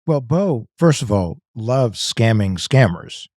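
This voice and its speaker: Measured, explaining male podcast co-host. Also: mid-range voice, sing-song, a little mellow, no echo. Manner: measured, explanatory, dry humor. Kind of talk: casual podcast chat.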